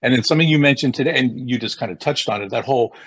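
A man from the audience speaking haltingly, repeating words as he shares his thanks. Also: medium pitch, husky. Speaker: audience member. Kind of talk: sharing thanks at an event.

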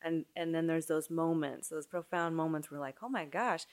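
A woman's voice: low voice, little pitch movement, a little fast, darkish tone. A woman from a small town speaking candidly and reflectively in a casual conversation. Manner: reflective, candid, laughs easily. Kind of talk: casual chat.

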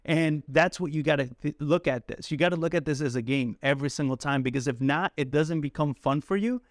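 A man coaching cold callers in a casual, talkative way who laughs often and acts out calls in a soft apologetic voice. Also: a little high, a little fast, dry recording, clean studio sound. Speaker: sales coach. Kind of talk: coaching talk to camera.

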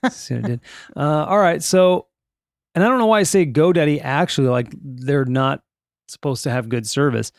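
A man hosting a podcast in casual chat, telling rambling, jokey stories. His voice sits a little higher than most men's and carries a gravelly fry. The sound is dry and close. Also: moderate pace, no echo. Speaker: podcast host.

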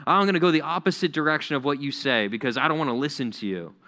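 A man voicing a stubborn prophet who defiantly refuses to obey, a little louder than his usual speech. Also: a little high, fast. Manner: defiant, brushing off.

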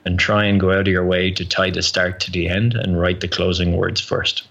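Irish man, podcast guest, energetic explainer, very low voice, forceful tone. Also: normal speed, gravelly, muffled recording. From Ireland. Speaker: guest speaking coach. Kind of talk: podcast interview, giving advice.

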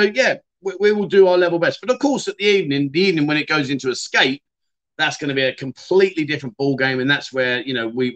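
A man's voice: a little high, fairly bright tone. A middle-aged man, hosting a casual livestream and chatting loosely with many fillers and restarts. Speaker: livestream host.

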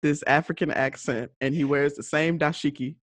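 A woman's voice: normal speed, breathy edge, no room sound. A woman co-hosting a podcast, joking and acting out her own reactions while reviewing a movie. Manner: expressive, jokey, leaps up in pitch when acting out reactions. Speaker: podcast co-host. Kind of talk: casual movie review chat.

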